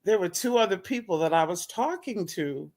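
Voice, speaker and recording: A woman's voice: on the low side, animated, normal speed, darkish tone. A woman telling a personal story in casual chat, acting out both sides of the conversation and laughing often. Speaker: guest.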